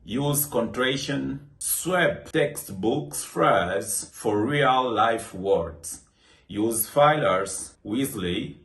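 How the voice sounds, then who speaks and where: A man giving an English lesson in a very slow, deliberate voice, pitched a little low. He sounds scripted and spaces his phrases out carefully. The room around him is echoey. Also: a bit bright. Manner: slow, deliberate delivery with clear example phrases. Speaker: English teacher.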